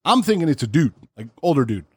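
Podcast co-host: male, swearing, storytelling, jumps to high mimicry, dry close mic. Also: very animated, fast, darkish tone, husky, no room sound. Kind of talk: casual crude banter.

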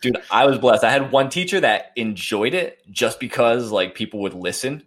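A man co-hosting a podcast, telling stories in an animated, self-mocking way. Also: medium pitch, normal speed. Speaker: podcast co-host. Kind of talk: casual podcast chat.

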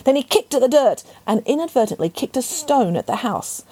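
A woman narrating a children's storybook in an expressive, playful way. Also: sits high, a little fast, husky.

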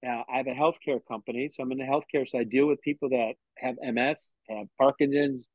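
A man's voice: medium pitch, steady tone, brisk, dry recording, phone-quality sound. A middle-aged man telling a personal story in an interview, acting out what others said to him and often restarting his sentences. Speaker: interview guest.

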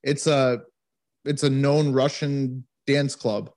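An American man, a podcast co-host, telling a profane story in casual chat with lively energy. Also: mid-range voice, slow pace. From United States. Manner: profane, animated storytelling with laughs.

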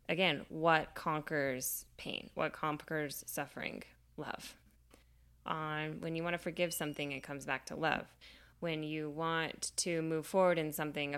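Low, smooth-voiced woman retelling a myth. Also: a bit bright. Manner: chatty, retells a myth with many fillers. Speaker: podcast co-host. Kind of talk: casual storytelling chat.

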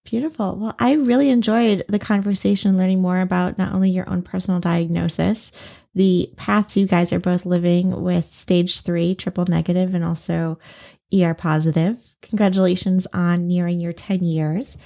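An earnest woman hosts a podcast conversation and leans hard into her points. Her voice carries a gravelly fry and sits a bit low. The tone is mellow and dark rather than bright. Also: fairly even intonation, normal speed. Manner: earnest, emphatic. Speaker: podcast host. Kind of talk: conversational interview.

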